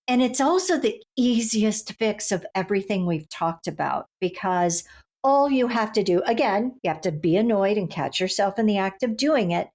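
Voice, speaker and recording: A woman's voice: medium pitch, lively intonation, unhurried, darkish tone. A woman communication consultant explaining her advice in an instructive, explanatory way. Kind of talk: expert discussion.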